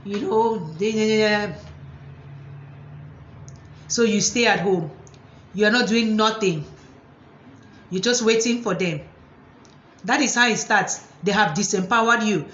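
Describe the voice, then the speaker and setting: A woman psychotherapist and motivational speaker talking about relationships, animated and mocking controlling partners in put-on voices. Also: medium pitch, a little slow, pauses often, a little hiss or hum. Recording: echoey room, slightly dull sound.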